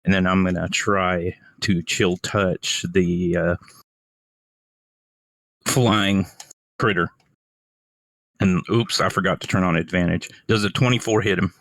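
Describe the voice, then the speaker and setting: A man's voice: deep voice, steady tone, slow, long pauses, a bit bright, dry recording. A man playing a spellcaster in an online tabletop game, thinking aloud as he plans his turn. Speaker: player. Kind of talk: casual tabletop play over a voice call.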